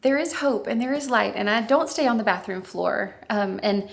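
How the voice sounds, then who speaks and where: A woman's voice: medium pitch, normal speed, creaky. A woman author co-hosting a casual chat, speaking in a heartfelt, reflective way. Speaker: author and co-host.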